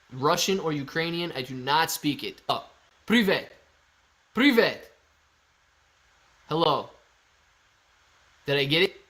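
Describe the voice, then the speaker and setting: A man's voice: a little high, fairly bright tone. A young man hosting a casual live stream, reading chat aloud and answering viewers in a loose, jokey way. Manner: laid-back, jokey, calls viewers dude and man. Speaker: livestream host reading chat. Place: storage-style room at home. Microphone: phone used as camera.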